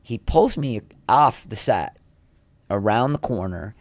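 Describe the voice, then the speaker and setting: Middle-aged man, low voice, animated storyteller, dry close sound. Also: takes it slowly, no room sound. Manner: animated, acts out quotes from others. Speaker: guest, actor. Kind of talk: candid storytelling interview.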